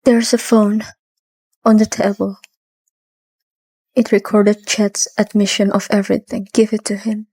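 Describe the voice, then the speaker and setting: A woman's voice: medium pitch, flat delivery, measured pace, pauses often, a little mellow, husky. An actress dubbing a grieving young woman who pleads emotionally. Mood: urgent. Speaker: heroine, a clerk. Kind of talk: dubbed drama acting.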